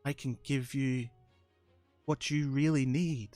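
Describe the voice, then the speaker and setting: A man voicing a seductive female patron spirit who whispers softly to a character. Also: medium pitch, fairly even intonation, slow pace, dry recording, soft background music, close to an everyday voice. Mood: coaxing. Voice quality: soft, breathy whisper.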